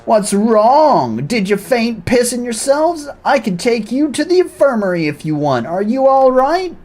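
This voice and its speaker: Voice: medium pitch, big pitch swings, unhurried, darkish tone, pitched above the performer's own voice. A streamer voicing a brash, crude cat-girl commander, barking drill-sergeant orders while reading game dialogue aloud. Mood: barking bossy.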